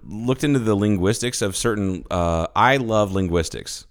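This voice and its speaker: A man co-hosting a podcast, chatting casually with animated, profane, rambling enthusiasm. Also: fairly low pitch, moderate pace. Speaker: podcast co-host. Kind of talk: casual chat.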